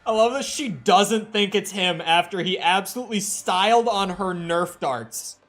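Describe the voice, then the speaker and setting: A man's voice: sits high, normal speed, fairly bright tone. A man streaming a video game, chatting casually and swearing now and then. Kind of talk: casual gameplay commentary. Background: game music.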